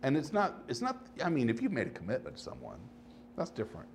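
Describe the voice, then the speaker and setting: Animated rambling male podcast host. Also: fast, slight background noise. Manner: rambling storytelling, swings between animated and low asides. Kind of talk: casual solo podcast monologue.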